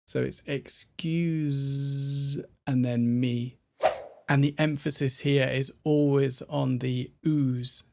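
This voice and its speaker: A man with a British accent teaching pronunciation, breaking words down slowly and carefully. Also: mid-range voice, creaky, a little mellow, slight background noise. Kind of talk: pronunciation lesson.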